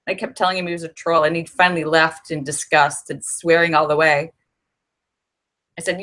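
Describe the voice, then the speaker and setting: A woman's voice: fairly low pitch, a little fast. Middle-aged lady on a livestream, chatty, acts out what people said. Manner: chatty storytelling, animated when quoting people. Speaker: livestream host. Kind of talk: casual livestream chat. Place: her home in Los Angeles.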